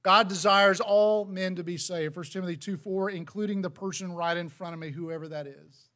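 Male preacher with a high voice, earnest and conversational, reading scripture in a sermon. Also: fairly even intonation, moderate pace, sharp tone.

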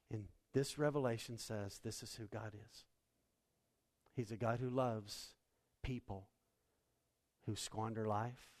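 A male pastor preaching a sermon, swinging from hushed storytelling to loud, impassioned appeals. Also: medium pitch.

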